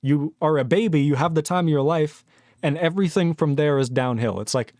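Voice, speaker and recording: A young man holds forth on his live-coding stream, reading chat messages aloud and ranting in animated, sweary bursts. His voice sits a little high for a man. The sound is dry and close, with no room around it. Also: normal speed, dry recording. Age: 20s.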